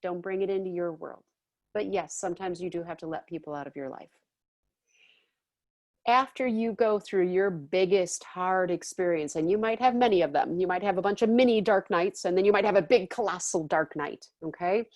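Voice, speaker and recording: A woman's voice: fairly low pitch, normal speed, a little mellow, no echo. A woman teaching a class in a casual, chatty way, often checking in with her listeners. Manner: chatty, often checks in with "okay?" and "all right?".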